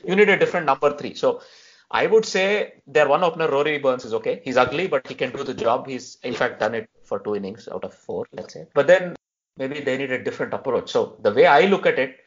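A man hosting a casual podcast chat who picks through team selections in a measured, analytical way and keeps asking "right?". His voice sits in a medium register. The audio is dull and lo-fi. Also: medium pitch. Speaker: podcast host. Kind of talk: casual cricket discussion.

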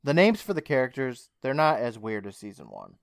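A man's voice: medium pitch, a little fast, vocal fry, no echo, studio quality. A man co-hosting a podcast, casually retelling a show's plot and acting out the characters' lines. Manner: animated retelling, acts out lines. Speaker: podcast co-host. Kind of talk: casual recap chat.

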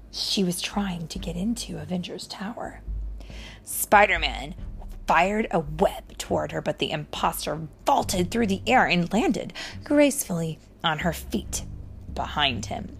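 Woman reading a storybook to a child; unhurried and animated, with some vocal fry. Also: fairly low pitch, slight background noise. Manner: gentle, explaining to a child.

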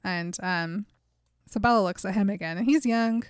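A woman co-hosting a podcast, retelling a book in a lively, casual way with fillers and laughs. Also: medium pitch, moderate pace, smooth, no echo, studio quality. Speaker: podcast co-host.

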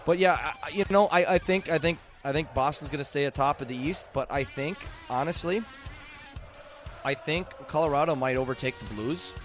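A man's voice: fairly high pitch, a little fast, soft background music. A man hosting a casual podcast, loose and profane, who laughs easily with his guest. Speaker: podcast host.

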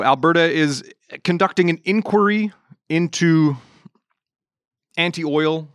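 A man's voice: fairly high pitch, a bit bright, dry recording, clean studio sound. A man filling in as host of a casual politics podcast, joking around and talking loosely with plenty of fillers.

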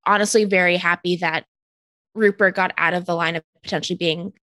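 A woman's voice: lowish voice, fairly even intonation, a little fast, bright, forceful tone, dry recording. A woman co-hosting a casual chat show, giggling often and trailing off to restart her sentences. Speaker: podcast co-host.

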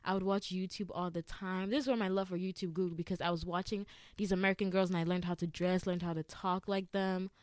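A young woman hosting a podcast, chatting casually and telling stories fast with many fillers. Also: lowish voice, flat delivery, a little mellow, no room sound, clean studio sound. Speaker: podcast host. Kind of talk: casual chat.

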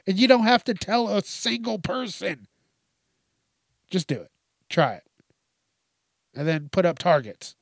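A man's voice: high-pitched, no room sound, clean studio sound. A man hosting a comedy podcast, talking crudely and playfully, often laughing at his own jokes. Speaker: podcast host. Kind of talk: crude stand-up style monologue.

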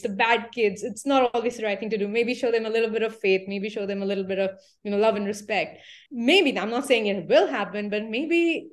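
A woman from India speaks as a podcast guest in a fairly high voice. She talks earnestly in a relaxed conversation, dotting her sentences with "you know." She comes through over a remote call. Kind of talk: casual interview conversation.

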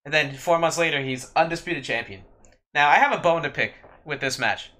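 Forceful, opinionated male podcast co-host. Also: on the high side, fairly quick. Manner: blunt, opinionated, heavy with "like" fillers. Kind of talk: casual chat.

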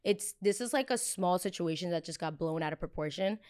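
A young woman hosting a podcast, telling a story in chatty, animated fashion, full of "like" fillers and acted-out quotes. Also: fairly quick, clear, resonant tone. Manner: animated, acts out quoted people with big jumps in pitch and loudness; chatty, heavy use of filler "like". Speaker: podcast host. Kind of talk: casual storytelling.

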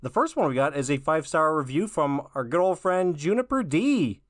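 A man co-hosting a podcast, raspy from a recent illness, chatting casually and laughing often. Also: on the high side, big pitch swings, a little fast, few pauses, no echo, studio quality. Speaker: podcast co-host.

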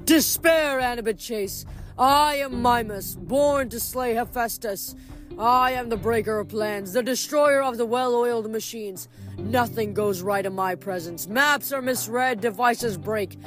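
A woman voicing a gloating, booming male giant. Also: soft background music, close to an everyday voice. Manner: gloating, laughing, slow and drawn out. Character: booming mocking male giant, huge and cruel.

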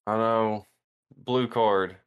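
Deep calm guy, smooth voice, runs the picks, dry mic. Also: extremely slow, dry recording, dull audio. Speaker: podcast host running draft picks. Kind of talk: casual chat.

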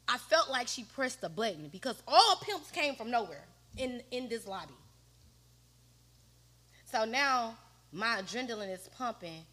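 A woman's voice: medium pitch, fairly bright tone. A woman guest on a podcast, telling a personal story in a slangy, conversational way. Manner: slangy, conversational, often quoting others.

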